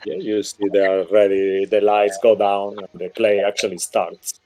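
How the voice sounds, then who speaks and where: A man's voice: on the low side, little pitch movement, moderate pace, mellow. A man narrating as dungeon master of a tabletop game over a voice call, in a loose, rambling way with lots of fillers. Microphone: headset or desk mic on a voice call.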